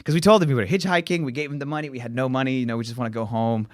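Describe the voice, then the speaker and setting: A man's voice: medium pitch, fairly even intonation, racing, dry recording, studio quality. A young man from Lithuania with a Lithuanian accent, a comedian telling a wild story in casual chat, acting out quotes and laughing often. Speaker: comedian guest.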